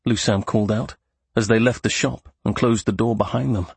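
A man narrating a fantasy story at a steady, measured pace. His voice is very husky with a gravelly rasp, recorded close and dry. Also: fairly low pitch, no echo. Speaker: audiobook narrator.

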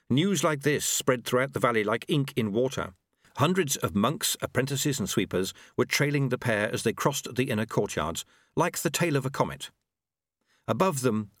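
Guy reading an audiobook, wry and super expressive, dry close sound. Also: mid-range voice, no room sound. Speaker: audiobook narrator. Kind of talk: scripted narration.

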